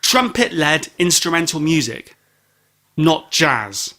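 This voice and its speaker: Bright-voiced joking man. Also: on the high side, very animated, slow. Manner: jokey, rambling, teasing, with sudden loud exclamations. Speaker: podcast co-host. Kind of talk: casual chat, album review.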